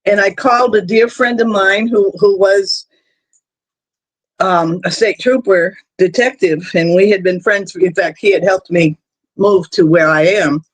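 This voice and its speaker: High-voiced man telling rambling stories. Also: steady tone, a little slow, no echo. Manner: rambling anecdotal storytelling. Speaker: stream host. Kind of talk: casual chat on a live stream.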